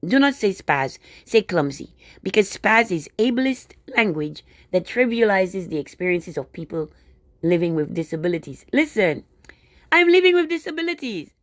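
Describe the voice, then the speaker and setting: A woman's voice: fairly low pitch, animated, moderate pace, no echo. A woman delivering a casual, indignant monologue straight to her viewers, full of sarcastic asides. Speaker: video blogger.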